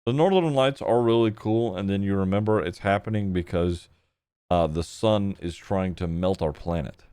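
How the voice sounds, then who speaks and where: A young man streaming live, chatting casually as he reacts to videos, laughing, swearing and thinking out loud. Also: sits low, normal speed, clean tone, no echo.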